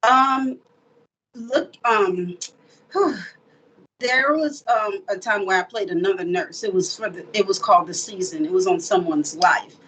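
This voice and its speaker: A woman from South Florida, an actress, talking through her craft in an easygoing interview with reflective, animated storytelling. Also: medium pitch, measured pace, slightly rough, distant mic, rough recording. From born in the Bahamas, raised in South Florida. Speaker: actress guest. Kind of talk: casual interview talk.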